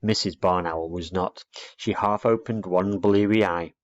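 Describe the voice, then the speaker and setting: A man narrating a children's storybook aloud in an expressive read-aloud manner, dull lo-fi recording. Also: low voice, measured pace.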